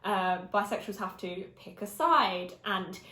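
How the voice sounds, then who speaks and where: A woman's voice: medium pitch, expressive, measured pace, pushed and bright. A twenty-year-old English woman from Essex, hosting a casual chat while eating and laughing often. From Essex, England. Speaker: YouTube host. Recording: roomy echo.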